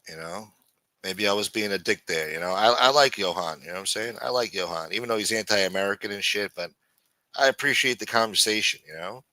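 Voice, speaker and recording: A man's voice: fairly low pitch, fairly quick, bright, forceful tone, no echo. A man hosting a livestream show in casual, rambling chat, cursing freely and saying "you know" a lot.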